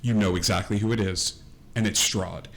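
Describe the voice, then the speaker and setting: A man's voice: on the low side, steady tone, moderate pace, gravelly. A man narrating a tabletop game as game master, meandering along with many fillers.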